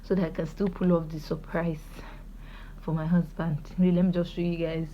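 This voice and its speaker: A woman's voice: fairly low pitch, little pitch movement, a little fast, lo-fi sound, slight background noise. A young woman speaking to camera in an emotional, joyful personal video diary, praising God. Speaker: vlogger.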